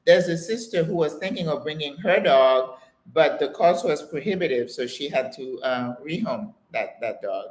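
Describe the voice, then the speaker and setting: Speaking at a normal speed in a deep voice, this chatty older woman from the United States runs a live question-and-answer stream and responds to viewer comments. Her room is echoey, and her storytelling is animated, with plenty of exclamations and laughter.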